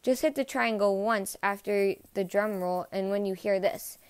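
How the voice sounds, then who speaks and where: A woman's voice: medium pitch, normal speed, smooth, no echo, close to an everyday voice. A woman voicing an impatient, exasperated male orchestra conductor in a storybook read-aloud. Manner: stern, impatient.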